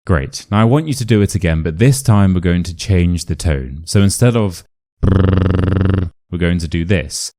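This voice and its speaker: A man with a British RP accent teaching pronunciation in an upbeat, clear instructional video lesson. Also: low-pitched, animated, normal speed, warm tone. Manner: clear, upbeat, demonstrating sounds.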